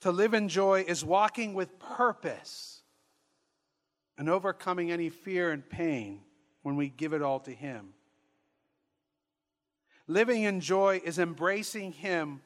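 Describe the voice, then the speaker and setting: Exuberant high-voiced priest telling stories. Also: male voice, takes it slowly, long pauses. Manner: exuberant and humorous, laughing as he tells stories; acts out quoted voices. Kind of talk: storytelling sermon.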